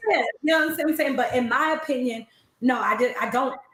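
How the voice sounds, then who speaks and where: A woman battle rapper being interviewed on a video call, talking in a relaxed, unhurried way with restarts and fillers. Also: sits high, reverberant, low-quality recording. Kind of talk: casual interview.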